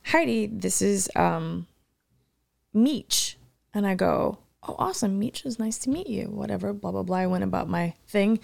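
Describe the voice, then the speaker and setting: A woman in casual chat, telling stories in an animated way and swearing often. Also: mid-range voice, gravelly.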